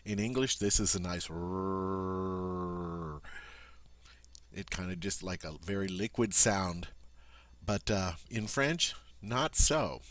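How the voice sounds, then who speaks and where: A man's voice: sits low, expressive, a little slow, fairly bright tone, no room sound. A man teaching a pronunciation lesson, patient and explanatory, demonstrating sounds and checking in with his listeners. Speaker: language teacher.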